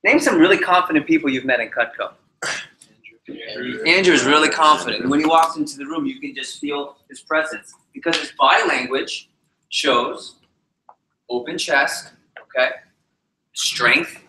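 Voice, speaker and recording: A man training a live audience in public speaking, animated and shifting his speed and pitch to demonstrate his points. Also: normal speed. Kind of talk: energetic presentation to a live group. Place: meeting room with a live audience. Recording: roomy echoey hall.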